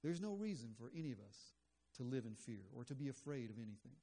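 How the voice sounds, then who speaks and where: A man's voice: mid-range voice, big pitch swings, quick pace, warm tone. Man preaching a conversational sermon. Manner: conversational, earnest, with frequent fillers. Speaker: pastor.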